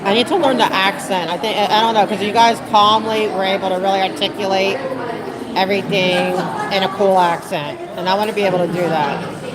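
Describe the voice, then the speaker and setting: A woman's voice: medium pitch, fairly even intonation, brisk, low-quality recording. A woman livestreaming from a phone in an indoor public space, chatting in a rambling way and reading viewer comments aloud. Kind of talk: casual livestream chat. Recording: loud crowd chatter behind. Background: loud crowd chatter.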